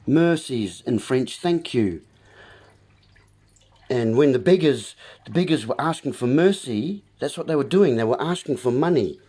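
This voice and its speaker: A man's voice: mid-range voice, lively intonation, normal speed, dark tone, husky. A man hosting a livestream, giving a rambling, preachy wordplay monologue with asides to his viewers. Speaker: livestream host.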